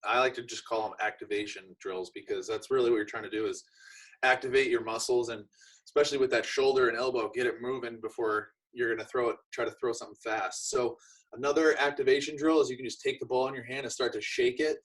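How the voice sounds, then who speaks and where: A man chatting casually as he explains and demonstrates arm training drills, with relaxed everyday examples. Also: medium pitch, fast talker, husky, low-quality recording. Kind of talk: casual instructional chat.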